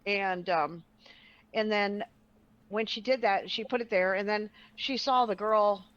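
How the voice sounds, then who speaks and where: A woman telling a personal story in casual chat, animated and acting out the voices of people she quotes. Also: medium pitch, unhurried. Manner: animated, acts out quoted voices, laughs often. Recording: muffled, lo-fi audio.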